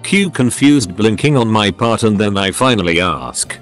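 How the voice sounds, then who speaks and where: A man with a fairly low voice narrating a run of stories from a script. His pitch rises and falls a lot as he reads. Soft music plays faintly underneath. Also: normal speed. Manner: reads stories aloud in a lively, storytelling way. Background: faint background music.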